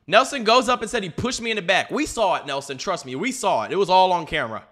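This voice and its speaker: A man's voice: high voice, lively intonation, quick pace, a bit bright. A young man giving casual, profane reaction commentary, talking straight at the screen in slang as he watches a game. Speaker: YouTuber reacting to game footage.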